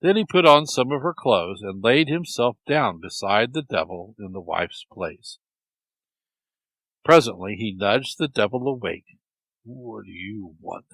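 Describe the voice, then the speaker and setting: A man telling a folk tale in a lively, expressive storytelling manner. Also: lowish voice, unhurried, dry recording, low-quality recording. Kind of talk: storytelling narration.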